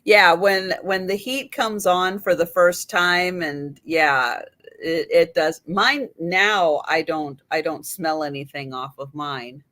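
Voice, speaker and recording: A woman's voice: fairly low pitch, a bit bright. A woman hosting a live sale stream, chatting in an easygoing, amused way. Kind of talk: casual live-stream chat.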